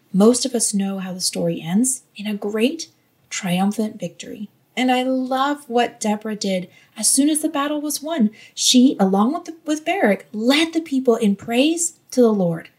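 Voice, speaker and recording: A woman giving a devotional Bible teaching in an earnest, gently encouraging way. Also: on the high side, slightly rough.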